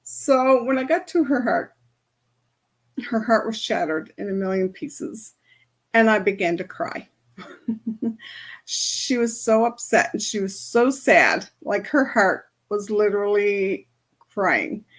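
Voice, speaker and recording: A woman's voice: medium pitch, animated, slow, long pauses. A woman who works as an energy healer, giving a casual spoken lesson on chakras and telling a story from her practice, with many fillers.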